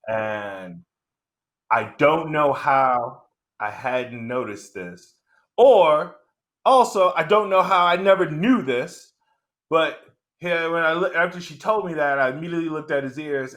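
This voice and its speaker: A man's voice: mid-range voice, a bit bright. Rambling middle-aged comedian man. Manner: rambling, halting, full of fillers and restarts. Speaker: stand-up comedian. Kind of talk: stand-up storytelling.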